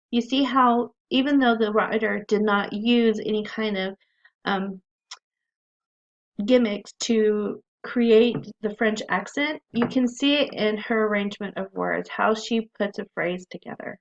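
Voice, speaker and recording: A woman's voice: mid-range voice, steady tone, measured pace, gravelly. A woman teaching a recorded writing class, explaining in a friendly way with frequent ums, on a dull lo-fi recording.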